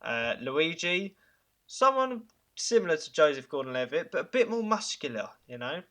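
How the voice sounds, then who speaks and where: A man hosting a podcast, pitching ideas in casual chat, enthusiastic and chuckling, with halting fillers. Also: very animated, pushed and bright. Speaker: podcast host.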